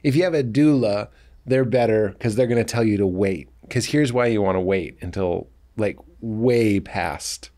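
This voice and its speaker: A man's voice: lowish voice, normal speed, warm tone. A man, a guest comedian, chatting and riffing with playful bits on a comedy podcast. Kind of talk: casual comedy podcast chat.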